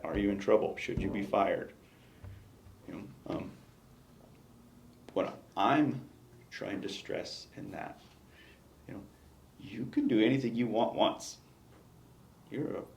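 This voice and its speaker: Gravelly low-voiced man in an echoey room. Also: darkish tone, a little hiss or hum. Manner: reflective, emphatic, many restarts. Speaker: retiring battalion chief. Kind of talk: exit interview conversation. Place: indoor meeting room.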